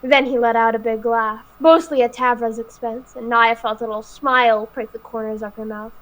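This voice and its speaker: A woman's voice: fairly high pitch, fairly even intonation, poor audio. A woman hosting a live read-aloud of a novel, reading carefully with small slips. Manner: careful, slightly halting reading.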